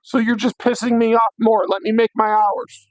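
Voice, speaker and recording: A hoarse young man hosting a late-night livestream, ranting bluntly with plenty of swearing. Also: high-pitched, little pitch movement, moderate pace, no echo, poor audio. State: hoarse, voice worn out. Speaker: livestream host.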